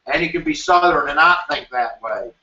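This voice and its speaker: A man giving an animated, jokey history review lecture as a teacher, acting out quoted voices now and then. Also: fairly high pitch, normal speed. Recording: roomy, distant, dull sound.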